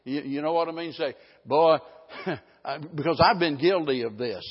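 A man's voice: fairly high pitch, normal speed, husky. A middle-aged male pastor preaching a sermon in a folksy, rambling way, often restarting his sentences. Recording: dull lo-fi sound with a long hall reverb.

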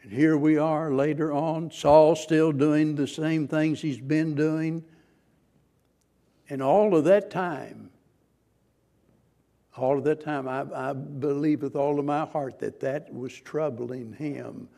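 Gravelly preaching pastor, man. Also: on the high side, steady tone, slow pace. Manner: earnest, questioning, preaching with sudden loud emphasis. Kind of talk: sermon.

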